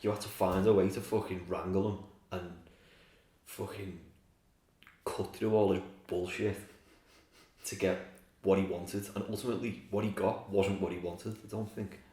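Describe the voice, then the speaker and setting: A man with a very deep voice tells film stories in relaxed, profane chat. He sits back from the mic, and the room around him rings with echo. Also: moderate pace. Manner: swears freely, storytelling. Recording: roomy, distant from mic.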